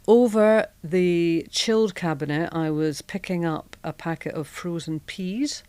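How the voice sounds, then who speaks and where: A woman's voice: on the low side, a little slow, warm tone, smooth, no echo. Middle-aged Scottish woman, podcast guest, frank and chatty storyteller, dry close sound. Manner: frank, self-deprecating, chatty anecdotes. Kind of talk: candid conversational storytelling.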